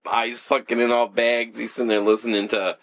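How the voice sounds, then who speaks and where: A man's voice: medium pitch, level tone, brisk, a bit bright. A young man in casual, rambling chat, swearing freely and laughing often.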